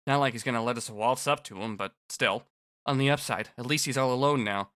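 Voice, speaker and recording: A man flatly reading a sharp-tongued young woman. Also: medium pitch, fairly quick, no room sound, studio quality, natural voice. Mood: determined.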